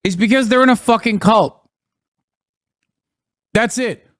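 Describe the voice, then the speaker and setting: Guy streaming, swears a lot, mocks stuff, kinda high voice, dry close sound. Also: measured pace, no echo. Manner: profane, blunt, mocking, laughs at chat. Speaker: live streamer reacting to news. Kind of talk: casual ranting commentary.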